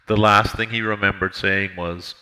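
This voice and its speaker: A man narrating an audiobook in a measured, steady reading. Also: on the low side, low-quality recording.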